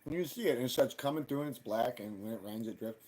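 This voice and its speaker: A man hosting a live stream, ranting in casual, profane talk and jumping loud and high when he quotes people. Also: fast. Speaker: livestream host.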